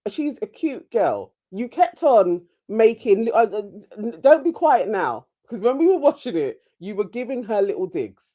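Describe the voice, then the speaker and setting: A woman's voice: on the high side, big pitch swings, moderate pace, few pauses, mellow. A woman co-hosting a casual chat, chatty and giggly, laughing often. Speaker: co-host reviewing a reality show.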